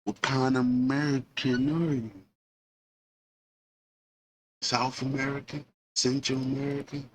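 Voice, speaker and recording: A man voicing a menacing armed soldier who questions strangers in a taunting, drawn-out way. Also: mid-range voice, level tone, a little hiss or hum, pitched above the performer's own voice, natural voice.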